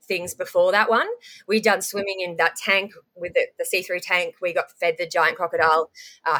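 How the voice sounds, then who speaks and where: A young Australian woman telling a story as a guest in casual conversation, full of ums and restarts. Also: on the low side. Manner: animated, rapid recounting with frequent ums and restarts.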